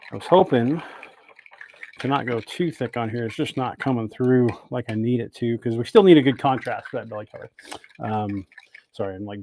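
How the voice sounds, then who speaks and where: A man's voice: mid-range voice, darkish tone. Chatty man hosting a workbench livestream. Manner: chatty, greets viewers by name between steps. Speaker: host of a bait-making livestream. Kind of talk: casual livestream demo talk. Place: indoor workshop.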